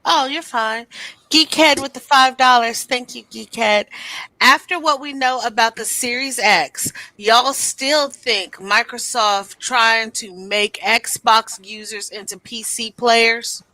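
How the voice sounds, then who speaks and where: A woman co-hosting a casual gaming podcast, reading viewer messages briskly. Her voice is fairly high and very bright, with a sharp, forceful edge. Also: dry recording, poor audio.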